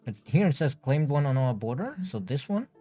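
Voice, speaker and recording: A man's voice: medium pitch, big pitch swings, brisk, dark tone, soft background music. Hesitant man planning moves on a stream. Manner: hesitant, strategizing, many fillers. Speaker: livestream co-host. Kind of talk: casual gaming stream chat.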